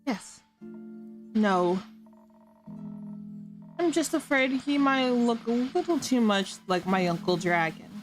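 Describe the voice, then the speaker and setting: Woman streamer goofing through a fantasy role-play, kinda high voice, laughs a lot, faint music playing. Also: expressive, takes it slowly, long pauses. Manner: giggly, stumbles over made-up names. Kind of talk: playful improvised role-play.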